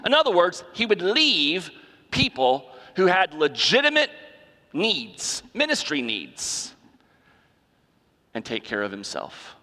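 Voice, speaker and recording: A man's voice: high-pitched, wildly swooping pitch, slow, pauses often, bright, forceful tone. A male pastor preaching a sermon, driving points home with repetition and rhetorical questions. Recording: long hall reverb.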